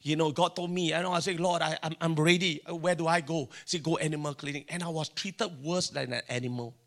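A man's voice: fairly high pitch, steady tone, fairly quick, a bit bright. A middle-aged man with a Singaporean English accent preaching a sermon, telling stories animatedly and acting out the dialogue. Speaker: pastor.

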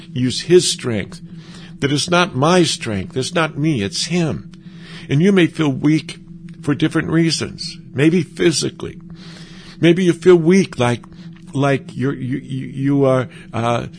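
A man's voice: mid-range voice, vocal fry, a little hiss or hum. A man giving an earnest, conversational sermon as a preacher, often stumbling and restarting his sentences. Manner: earnest, halting with frequent restarts.

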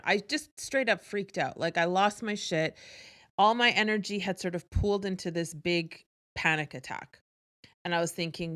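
A woman with a fairly low voice talks to her audience in a candid, casual way. She is energetic and swears freely as she tells a personal story. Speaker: host.

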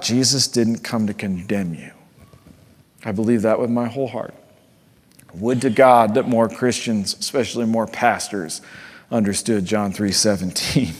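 A man's voice: lowish voice, fairly even intonation, a little slow, breathy edge. Earnest male preacher in a reverberant hall. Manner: earnest, swings from hushed to fervent. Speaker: pastor. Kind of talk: sermon.

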